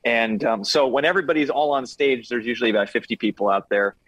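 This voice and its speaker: A man's voice: mid-range voice, fast, a bit bright, dry recording, rough recording. A man from Los Angeles, a singer and actor being interviewed over a video call, talking casually with many fillers and restarts.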